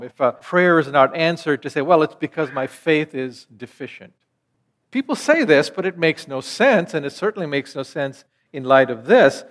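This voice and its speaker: A man's voice: a little high, long reverb tail. A man preaching a sermon in an earnest teaching manner, asking rhetorical questions.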